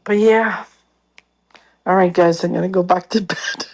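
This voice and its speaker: Lively woman telling a story. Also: fairly low pitch, measured pace. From Canada. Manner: animated storytelling, acts out others' lines. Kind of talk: casual call-in chat.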